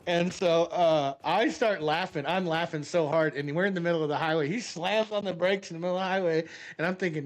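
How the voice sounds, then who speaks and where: A middle-aged man streaming a game, chatty and animated, often laughing as he tells a long story. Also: a little high, fairly quick. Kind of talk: casual storytelling while gaming.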